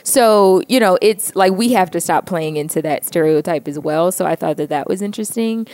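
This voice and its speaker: A lower-pitched American woman talking frankly in a relaxed group chat, often breaking into laughter and cursing without a second thought. Her voice is close and dry, with no room sound around it. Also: normal speed, no echo. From United States. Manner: frank and laughing, swears freely. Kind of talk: casual chat.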